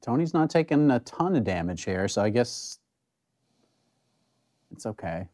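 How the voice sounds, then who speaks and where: A man gives casual live commentary on a fight, his pitch jumping all over as he gets worked up. He talks in a middle register and shouts advice at the fighters. It is easygoing banter with co-hosts. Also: measured pace. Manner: excitable, yells at the fighters. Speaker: co-host of a fight watch party.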